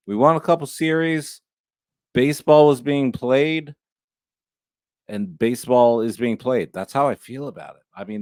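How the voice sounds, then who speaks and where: A man co-hosting a sports podcast in a casual chat, jokey and quick to laugh. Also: on the low side, dry recording, clean studio sound. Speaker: podcast co-host.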